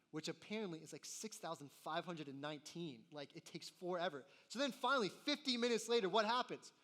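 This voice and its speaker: A young man preaching a sermon as a college pastor, animated and acting out exasperated voices that rise to near shouts. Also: high voice, brisk, hardly any pauses. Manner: animated, acts out voices and gets loud in exasperation.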